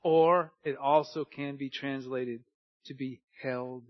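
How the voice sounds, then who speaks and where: A man preaching a sermon earnestly, moving between hushed and emphatic delivery, on a dull lo-fi recording. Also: medium pitch, fairly even intonation, slow, dry recording.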